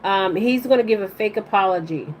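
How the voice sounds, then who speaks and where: A woman's voice: mid-range voice, brisk, a little hiss or hum, poor audio. A woman giving a live-streamed oracle card reading to her viewers. She rambles bluntly in casual slang and keeps checking in with "okay?".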